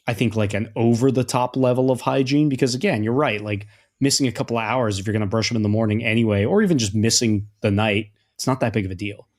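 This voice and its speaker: A man's voice: mid-range voice, quick pace. A man co-hosting a podcast in casual chat, joking, sarcastic and swearing. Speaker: podcast co-host.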